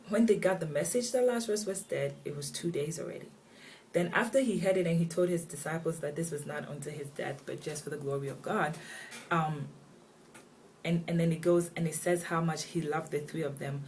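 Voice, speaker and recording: A woman's voice: sits low, darkish tone. A woman giving a casual, chatty Bible devotional, retelling scripture in slangy everyday words. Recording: distant mic with faint background noise.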